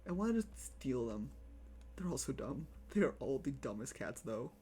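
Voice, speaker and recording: An excitable live streamer chats casually over a game, repeating phrases and cooing over pets. The pitch leaps up and down, and faint keyboard typing sits in the background. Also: moderate pace, a little hiss or hum. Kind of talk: casual live gameplay chat.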